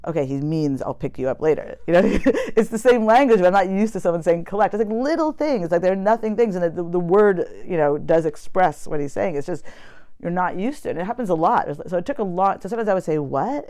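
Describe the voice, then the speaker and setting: A woman's voice: low voice, mellow. Chatty American woman recalling her story. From United States. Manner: chatty and reflective, many fillers. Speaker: poet and academic. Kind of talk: personal storytelling interview.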